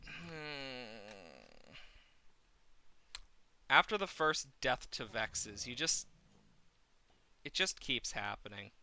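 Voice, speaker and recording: A man's voice: medium pitch, very animated, very slow, pauses often, sharp tone, a little hiss or hum. A man streaming a game live, talking to himself with exasperated running commentary, swearing at the game and counting under his breath into a desk mic.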